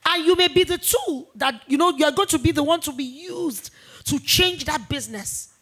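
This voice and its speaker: A woman in her forties, a business founder talking in a fireside chat interview, emphatic and animated, repeating points for weight. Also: sits high, normal speed. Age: 40s. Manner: emphatic, animated storytelling with repetitions.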